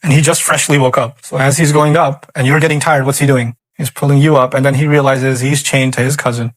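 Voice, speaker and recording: A man's voice: mid-range voice, a little fast, no room sound. A man giving an Islamic lecture, telling vivid stories and acting out scenes as he makes his points. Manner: animated storytelling, acting out scenarios; recites Quranic Arabic. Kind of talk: religious lecture.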